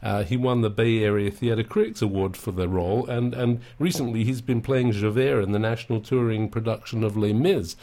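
A man's voice: lowish voice, a little fast, few pauses, warm tone. A man interviewing a theater director, chatty and complimentary, often stumbling over restarts. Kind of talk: interview questions.

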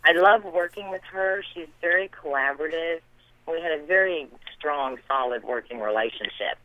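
A middle-aged woman from the American South, a theater director answering interview questions and warmly praising her colleagues. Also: low voice, normal speed, no echo. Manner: warm, enthusiastic praise of colleagues. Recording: tinny phone-line sound.

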